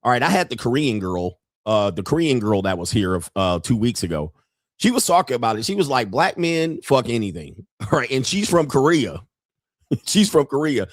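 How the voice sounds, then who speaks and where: A man in his fifties runs a livestream, trading in crude, brash jokes during casual commentary. He has a medium-pitched, sing-song voice at a normal speed, captured in studio quality with no echo.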